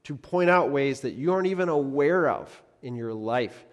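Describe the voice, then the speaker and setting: A man preaching a sermon as a pastor, earnest, often repeating phrases for emphasis and swinging between loud and soft. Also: mid-range voice, animated, moderate pace, in a large hall.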